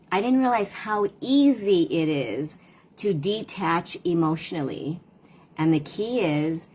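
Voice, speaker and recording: Middle-aged woman parent coach, casual reflective livestream chat, lowish voice. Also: a little mellow, slightly rough. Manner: reflective, conversational, tells stories about her daughters.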